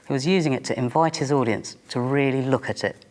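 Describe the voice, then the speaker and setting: A man's voice: mid-range voice, a little fast, darkish tone. A man, a science teacher presenting a documentary to camera in a chatty, informal and self-deprecating way. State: a bit out of breath. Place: outdoors on a mountain top.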